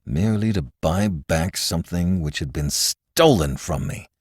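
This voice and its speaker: A man doing a furious older tycoon whose voice climbs high and wobbles all over when he blusters. His tone is dry and close, with no room around it. He sputters, snaps and complains about money in a storybook reading. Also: animated, measured pace, slightly rough, dry recording, full character voice. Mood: bitter. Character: irate wealthy older American father-in-law.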